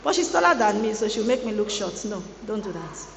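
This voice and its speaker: A woman giving a lively motivational sermon to students, playfully teasing the audience. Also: medium pitch, fairly quick. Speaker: guest speaker at a student boot camp. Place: large hall. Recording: echoey large hall.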